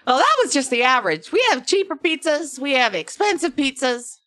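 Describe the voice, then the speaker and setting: A woman voicing a cheerful halfling innkeeper in a put-on Australian accent, loud and sing-song. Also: high-pitched, very animated, a little fast, voice pushed up. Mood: cheery.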